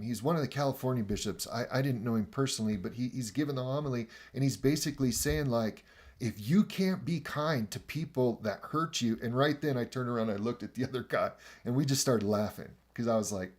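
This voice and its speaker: A man's voice: mid-range voice, a little fast. A man casually recounting a personal story, acting out quoted dialogue and chuckling as he goes. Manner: animated, acts out quoted dialogue, chuckles mid-sentence; frequent fillers and restarts, conversational. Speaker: podcast host recounting a pilgrimage.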